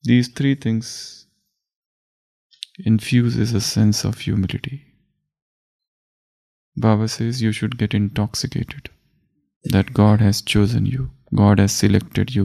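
A man giving a spiritual discourse as a teacher, speaking slowly and deliberately and repeating his phrases. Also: lowish voice, fairly even intonation, gravelly, mellow.

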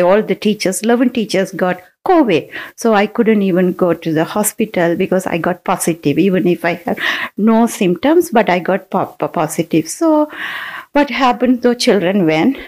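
Halting woman calmly telling a loss. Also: mid-range voice. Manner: halting, with many restarts and fillers; calm and steady while telling of loss. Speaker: speaker sharing a personal testimony. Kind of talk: personal testimony.

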